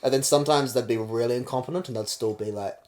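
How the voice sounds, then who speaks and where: A man's voice: medium pitch, a little mellow. Rambling young New Zealand man. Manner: fast, rambling storyteller, acts out quotes. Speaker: podcast co-host. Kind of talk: crude comedic banter.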